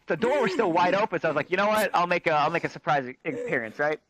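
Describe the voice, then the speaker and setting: A man telling a comic, profane story in a lively, animated way. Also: quick pace, low-quality recording. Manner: animated, profane, jumps into high squeaky voices for quotes. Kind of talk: comic storytelling in a virtual chat room.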